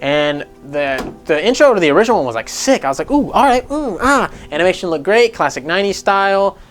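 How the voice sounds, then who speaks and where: A man's voice: fairly high pitch, lively intonation, quick pace, soft background music. A man hosting casual gaming news commentary, rambling and sarcastic, swearing freely as he goes.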